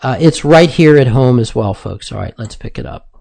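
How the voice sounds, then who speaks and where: A man's voice: medium pitch, animated, moderate pace, vocal fry, a crowd in the background. A man hosting his own show, commenting on clips in a loose, conversational monologue with lots of fillers. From United States. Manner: conversational, keeps saying "folks", many fillers. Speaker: commentator host.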